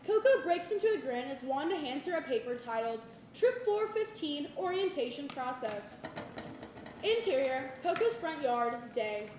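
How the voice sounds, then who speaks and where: A woman reading the stage directions aloud in a clear, measured voice. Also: sits high, big pitch swings, a little mellow, a little hiss or hum. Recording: live reading in an echoey hall.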